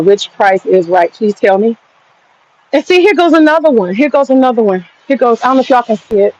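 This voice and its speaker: Expressive and brisk, with a medium pitch and a darkish tone, a woman vlogs from her backyard on a handheld phone in lo-fi sound. She chats casually, rambling through profanity-heavy stories.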